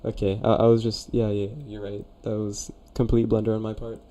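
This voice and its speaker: A man's voice: lowish voice, completely flat delivery, fairly quick, mellow. Laid-back young man chatting on stream. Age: young adult. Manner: chatty, laid-back, reads chat aloud. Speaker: streamer reviewing viewers' conlangs. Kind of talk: casual live-stream chat.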